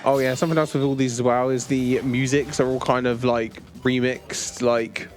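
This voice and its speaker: A man's voice: medium pitch, little pitch movement, normal speed. Joking man chatting on the couch. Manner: easygoing, joking, filler-heavy. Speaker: co-commentator. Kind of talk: casual game commentary. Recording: faint game music behind. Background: faint game music.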